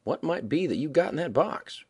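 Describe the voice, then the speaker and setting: A man reading the part of a sly stranger in a mining camp, speaking slowly and deliberately, with a dry manner and a husky voice. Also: fairly high pitch, lively intonation, a little mellow, pitched above the performer's own voice.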